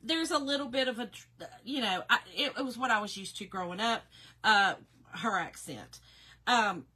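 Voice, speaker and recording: A crafting host from Kentucky and Georgia, USA, speaks with a Southern Appalachian accent in a slightly high, sharp, somewhat rough voice at a moderate pace. She chats casually with viewers, telling stories and laughing often.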